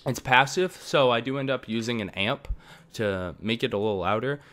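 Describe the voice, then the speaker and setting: A man's voice: mid-range voice, normal speed, a bit bright. A young man giving a casual, rambling tutorial on recording setups, full of fillers and offhand asides, recorded on a desktop microphone at home. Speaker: tech tutorial maker. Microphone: desktop USB microphone.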